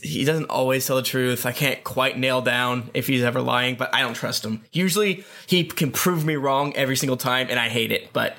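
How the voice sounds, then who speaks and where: A man's voice: mid-range voice, moderate pace, creaky, hardly any pauses, bright, forceful tone. A man playing a tabletop game, joking and swearing casually with friends. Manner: joking, swears freely, offhand. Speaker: player.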